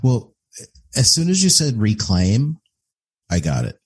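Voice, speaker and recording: A man's voice: mid-range voice, huge pitch swings, unhurried, breathy edge. A man in casual conversation, talking in an earnest, reflective way.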